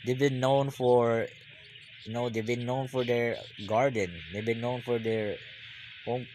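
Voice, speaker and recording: A man giving live basketball reaction commentary, rambling and repeating himself, then bursting into excited yells. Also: medium pitch, measured pace, slight background noise.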